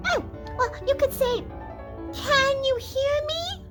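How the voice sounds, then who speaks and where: A woman voicing a bright, self-assured little girl puppet in a children's lesson video, chirpy and confident. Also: extremely high pitch, slow, music in the background, pitched above the performer's own voice. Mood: cheerful.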